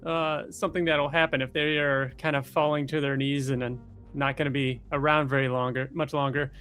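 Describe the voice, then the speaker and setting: A man's voice: medium pitch, level tone, a little fast, a bit bright, smooth, soft background music. A man playing a tabletop game, thinking aloud in a rambling, hesitant way. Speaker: player. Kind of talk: casual tabletop game play.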